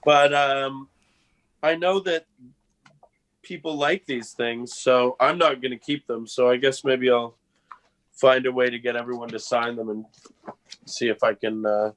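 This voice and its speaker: A man actor on a video call, chatting casually and rambling with halting restarts. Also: medium pitch, steady tone, fairly bright tone. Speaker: actor guest. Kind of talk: casual interview chat.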